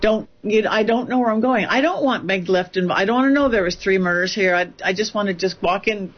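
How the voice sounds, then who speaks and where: A woman psychic medium tells a story during an interview, animated and rambling, often restarting her sentences. Her mid-range voice runs a little fast, and the highs are cut off.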